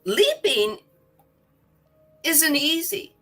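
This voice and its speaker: A woman's voice: sits high, big pitch swings, drawn-out words, fairly bright tone, soft background music. A woman co-hosting a spiritual study livestream, speaking expressively, repeating words and acting out quotes as she talks. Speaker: co-host. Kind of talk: casual spiritual chat.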